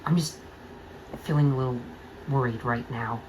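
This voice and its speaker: A woman voicing a gloomy young male steam engine in a fan-made audio drama, speaking low, with sighs and hesitant pauses. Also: fairly even intonation, a little mellow, slight background noise, poor audio. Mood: worried.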